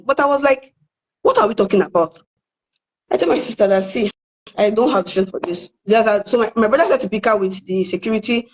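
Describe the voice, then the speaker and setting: A woman's voice: medium pitch, a little fast, low-quality recording. A young woman with a Nigerian accent, telling a story in casual chat and acting out the people she quotes. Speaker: guest storyteller.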